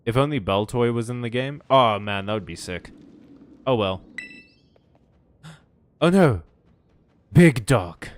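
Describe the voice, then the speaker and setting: A man's voice: medium pitch, lively intonation, slow, pauses often, a little hiss or hum. Let's play host, man, casual jokey gameplay commentary, sarcastic asides.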